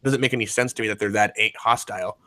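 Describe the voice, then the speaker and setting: A blunt, opinionated man talks casually on a podcast and swears freely. His voice is bright and forceful at a middling pitch. The recording is dry. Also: steady tone, quick pace, dry recording. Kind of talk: casual chat.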